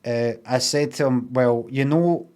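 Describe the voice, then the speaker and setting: A man's voice: medium pitch, measured pace, darkish tone, clean tone. Rambling sweary Glaswegian man. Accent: Glaswegian Scottish. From Scotland. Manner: rambling, sweary, acts out quotes in changed voices. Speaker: streamer telling a story. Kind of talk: casual storytelling.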